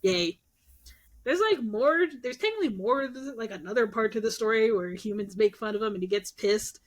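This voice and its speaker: Speaking at an even, moderate speed with a somewhat high pitch, a young woman co-hosting a podcast lively retells myths. She acts out what the characters say, swearing and laughing along the way.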